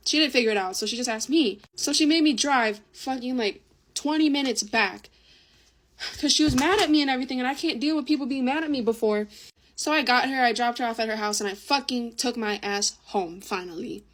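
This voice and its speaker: A woman's voice: on the high side, brisk, fairly bright tone. A young woman tells a long storytime while getting ready, talking close to her phone at home. She drops swear words and fillers throughout, and her voice sits a little above the usual range. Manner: chatty, swears a lot, many fillers. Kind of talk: casual storytime while doing makeup.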